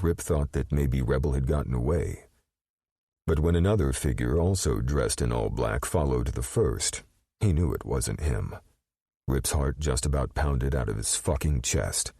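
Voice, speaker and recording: Male audiobook narrator, very deep voice, gravelly, lively intonation, dry close sound. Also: dry recording.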